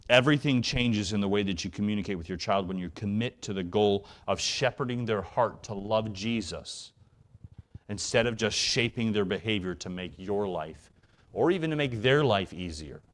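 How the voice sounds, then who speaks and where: A man with a low-pitched voice preaches a sermon in a church sanctuary. He talks earnestly and sometimes sinks to a soft, hushed near-whisper. Then he surges into quick, rising bursts of feeling. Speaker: evangelist preacher.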